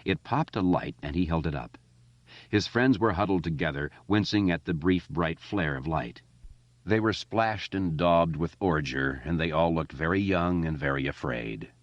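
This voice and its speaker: Low-voiced guy reading an audiobook, very dry, kinda dull sound. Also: moderate pace, dry recording. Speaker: audiobook narrator. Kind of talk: audiobook narration.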